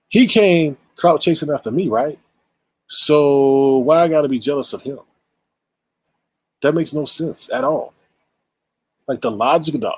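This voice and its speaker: Husky-voiced man ranting bluntly. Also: on the high side, a little mellow, rough recording. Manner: blunt, exasperated, rhetorical, profane. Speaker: commentary channel host. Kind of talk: casual ranting commentary.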